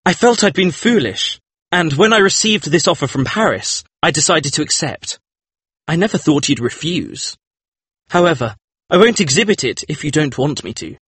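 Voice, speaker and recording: A man's voice: fairly high pitch, lively intonation, normal speed, a bit bright, slightly rough, no room sound. An actor playing an earnest, troubled male painter in a dramatized audiobook, speaking in a pleading, sincere way. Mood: confessional. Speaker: painter character.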